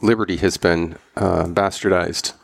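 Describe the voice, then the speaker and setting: Halting man in a dry studio. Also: deep voice, steady tone, vocal fry, no room sound. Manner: slow, halting, with many fillers. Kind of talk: political commentary chat.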